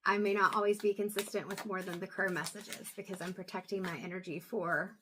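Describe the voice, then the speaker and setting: A woman doing an intuitive reading, talking to camera in a soft, halting way with many pauses and low energy. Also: fairly even intonation, background noise. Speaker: intuitive reader. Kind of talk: casual talk to camera.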